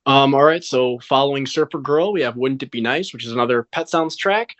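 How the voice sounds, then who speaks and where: A man's voice: mid-range voice, fairly quick, a bit bright, muffled recording. Man leading podcast segments. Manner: structured, leads segments, frequent "um". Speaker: podcast host. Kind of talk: casual chat.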